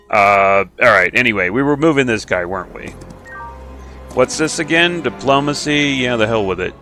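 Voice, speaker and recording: A man talks through his strategy game in a chatty, self-mocking way, thinking aloud as he plays. His voice sits low but sounds bright and forward, with lively rises and falls. Quiet music plays under him. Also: gravelly. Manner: playful silly noises and repeated sound effects. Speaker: game streamer. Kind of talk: casual gameplay commentary.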